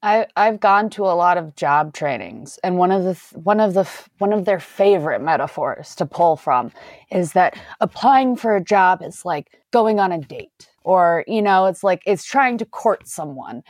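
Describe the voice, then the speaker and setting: A woman's voice: lowish voice, moderate pace, no echo. A woman in a casual podcast discussion, talking animatedly with frequent restarts. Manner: animated, restarts often, laughs while talking.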